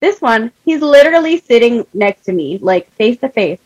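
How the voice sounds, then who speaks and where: Husky, profane woman storyteller. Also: on the high side, animated, normal speed, a little mellow, no room sound, lo-fi sound. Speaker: podcast co-host. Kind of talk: casual chat.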